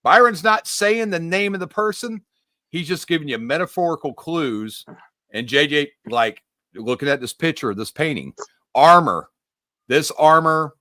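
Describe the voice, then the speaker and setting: A man's voice: a little high, normal speed, sharp tone, no echo, clean studio sound. A man on a podcast, explaining puzzle clues in emphatic, rambling casual chat with the odd mild curse. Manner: emphatic, rambling, mildly profane. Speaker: podcast co-host.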